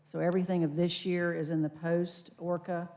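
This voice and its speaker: A woman speaking as vice chair at a public county board meeting, asking direct, measured questions. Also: lowish voice, little pitch movement, darkish tone.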